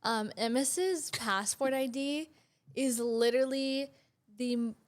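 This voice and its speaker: A woman with a fairly high voice co-hosts a podcast and chats casually. She teases her friend in slang and keeps chiming in with short reactions. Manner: chatty, slangy, teasing, quick interjections. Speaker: podcast co-host. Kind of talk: casual chat.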